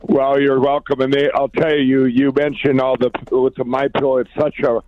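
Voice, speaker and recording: A man from Minnesota, a company founder and interview guest, telling his story in a rambling, excited way with many restarts. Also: medium pitch, normal speed, no room sound, phone-quality sound. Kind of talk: conversational storytelling.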